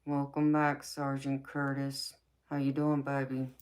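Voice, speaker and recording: A woman with a low, raspy voice hosts a late-night live chat. She reads out her viewers' comments and answers them with sassy warmth, calling them baby. Her mouth is a little dry from talking so long. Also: monotone, unhurried. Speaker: tarot reader and live-stream host.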